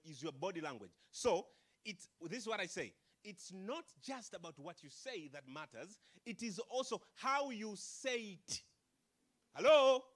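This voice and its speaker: High-voiced energetic male speaker. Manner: energetic, calls out to the crowd, asks questions. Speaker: motivational speaker. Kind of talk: live speech to a youth audience. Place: conference hall.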